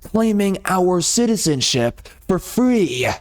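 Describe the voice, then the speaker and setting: A man's voice: high voice, sing-song, takes it slowly. A man from the United States delivering an angry, sarcastic monologue rant on a gaming channel, indignant and emphatic. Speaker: gaming video host.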